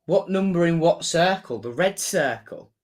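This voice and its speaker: A man's voice: a little high, expressive, moderate pace. A young man hosting a casual football livestream, chatting and reading out viewer comments with jokey asides. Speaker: football fan livestream host.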